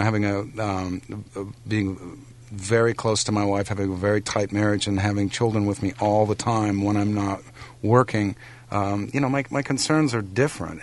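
A man in his forties from the United States, a guest musician talking in a relaxed, thoughtful way with frequent ums and restarts in a radio interview. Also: lowish voice, moderate pace.

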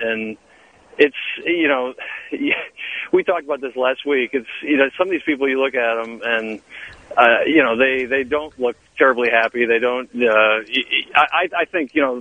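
A man's voice: mid-range voice, fairly even intonation, normal speed. A man calling in to a radio show, answering in a hesitant way with many restarts. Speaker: correspondent calling in. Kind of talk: casual radio phone interview. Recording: lo-fi phone line.

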